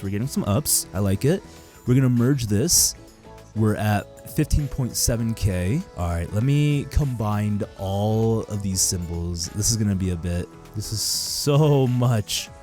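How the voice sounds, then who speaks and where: A young man chatting casually and upbeat while playing a game, full of fillers and quick laughs. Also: lowish voice, darkish tone. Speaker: gaming YouTuber and streamer. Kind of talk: casual gameplay commentary.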